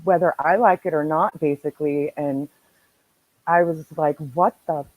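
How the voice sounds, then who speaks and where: A woman hosting a podcast, telling a story in casual chat, animated and swearing freely. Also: deep voice, normal speed, narrow, tinny audio. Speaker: podcast host.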